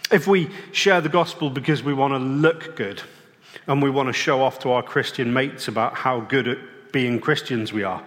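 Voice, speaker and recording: A man preaching a sermon in a plain-spoken, conversational way, pausing and restarting now and then. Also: mid-range voice, fairly bright tone. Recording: long reverb of a large hall.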